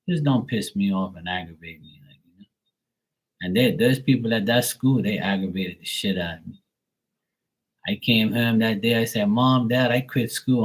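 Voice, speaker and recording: A man in his late forties telling blunt, profane stories on a livestream, putting on higher, louder voices for the people he quotes. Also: low-quality recording. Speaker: livestream tarot reader. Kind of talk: casual livestream storytelling.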